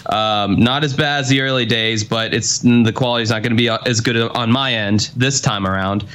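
A man's voice: mid-range voice, normal speed, a bit bright, smooth. Man, podcast co-host, loose joking ramble, call-quality audio. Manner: joking, rambling, laughs often. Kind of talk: casual chat. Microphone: computer call, sounds phoned in.

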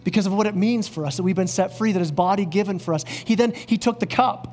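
A male pastor preaching an earnest sermon, dropping lower and slower on key words. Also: darkish tone, a little hiss or hum. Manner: earnest, drops low and slow on key words. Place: church.

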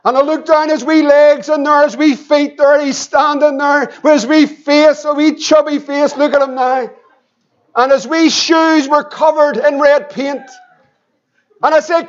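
A man's voice: extremely high pitch, fairly even intonation, a little slow. A middle-aged man, a pastor preaching an evangelistic sermon and telling family stories. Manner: impassioned preaching with anecdotes and repeated questions. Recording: dull lo-fi church recording.

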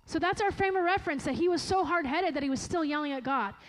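A woman with a high, light voice preaches a sermon in an earnest and emphatic way. She leans into phrases slowly and often stops to correct herself mid-thought. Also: rough recording. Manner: earnest, slow and emphatic, with frequent self-corrections.

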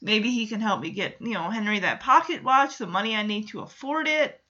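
A woman voicing a plucky young girl in a lively, incredulous retelling, on a dull lo-fi recording. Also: mid-range voice, a little fast, pitched below the performer's own voice. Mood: eager. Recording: dull lo-fi sound.

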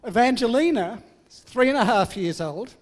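A man's voice: very high voice, lively intonation, normal speed, big-room sound. An older man giving a sermon, telling family stories in a humorous, self-deprecating way. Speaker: preacher.

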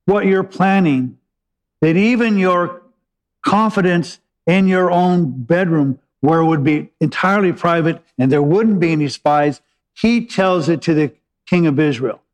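A man preaching a sermon, retelling scripture with dramatic pauses and plain asides. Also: high voice, poor audio.

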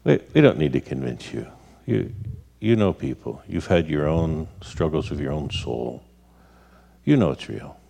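A man's voice: extremely low pitch, expressive, measured pace, gravelly, warm tone. A male pastor speaking earnestly in a sermon, often repeating words as he gathers his thoughts.

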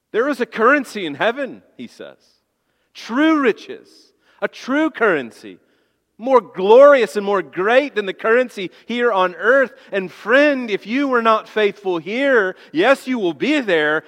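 A man preaching a sermon as pastor, emphatic, swinging between hushed low passages and loud high appeals. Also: in a large hall.

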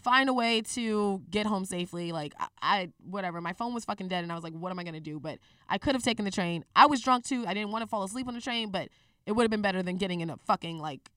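A young woman in her twenties telling a personal story in a candid, profane, animated way on a casual talk show. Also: medium pitch, fast talker, smooth, dry recording, studio quality, recorded from a distance.

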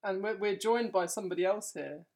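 A man's voice: sits high, brisk, darkish tone. A young man co-hosting a casual podcast chat, laughing often and teasing his partner in a wry way. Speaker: podcast co-host.

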